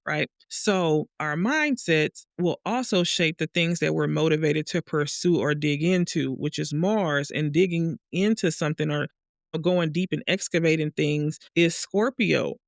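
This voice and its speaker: A woman telling a dream story in a casual monologue, acting out the other people in higher voices. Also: measured pace, no echo, studio quality. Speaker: vlogger sharing a dream and astrology.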